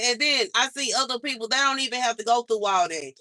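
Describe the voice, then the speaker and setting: A young woman vents to her livestream audience, frustrated and emphatic, and she keeps circling back to the same complaints. Her voice is bright and tense. The sound is dry and close, with no room echo. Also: on the high side, fast, hardly any pauses. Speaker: livestream host. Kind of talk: venting on a livestream.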